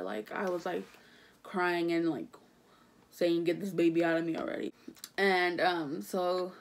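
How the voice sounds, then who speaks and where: A young woman telling her own story in a casual storytime vlog, chatty and rambling, full of fillers, restarts and casual swearing. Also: on the low side. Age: young adult. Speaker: vlogger.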